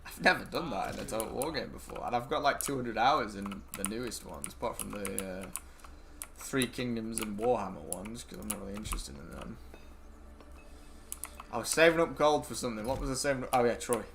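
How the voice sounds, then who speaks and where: A young man with a British accent talks loosely over his gameplay stream. He rambles from one topic to the next, answers chat and drops casual swears. His voice sits fairly low, with a faint hiss behind it. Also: a little fast, vocal fry, a bit bright. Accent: British English. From Britain. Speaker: gaming streamer.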